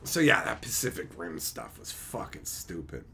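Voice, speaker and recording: Male streamer, middle-aged, loose profane rants to chat, bright forceful voice. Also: low voice, normal speed, vocal fry, slight background noise. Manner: animated, swears often, mocks logic gaps. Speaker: livestream host reading chat. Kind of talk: casual livestream chat.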